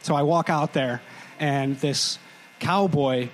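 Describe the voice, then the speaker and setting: A man's voice: a little high, slow pace, slight background noise, low-quality recording. A young man co-hosting a live podcast show, telling a childhood story with joking asides and careful scene-setting. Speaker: podcast co-host. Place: live stage before a crowd.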